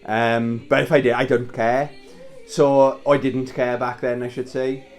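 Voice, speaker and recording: A man's voice: mid-range voice, level tone, unhurried. Man telling a story, swearing freely. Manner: chats while wrapping presents. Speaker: vlogger. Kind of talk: casual storytelling. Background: Christmas music playing faintly.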